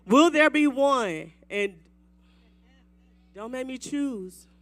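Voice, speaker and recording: A woman's voice: sits high, drawn-out words, no echo. A woman hosting a women's Bible study gathering, hyping up the audience and calling for applause. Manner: animated, hypes the crowd with whoops. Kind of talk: lively church event hosting. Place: event hall with live audience.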